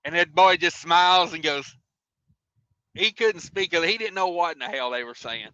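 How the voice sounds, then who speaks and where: A man's voice: high-pitched, normal speed, sharp tone, no echo, highs cut off. A man hosting a trucking livestream, reading viewer comments and rambling through stories, laughing as he goes. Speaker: trucker show host.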